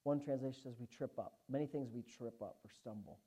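A woman preaching a sermon, emphatic, swinging from hushed asides to loud, fervent exclamations. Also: very deep voice, brisk, husky.

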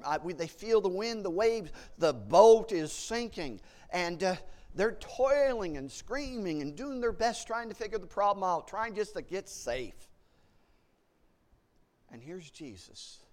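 A man preaching a sermon, animated, often restarting words and acting out panicked voices as he tells a story. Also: sits high, slow.

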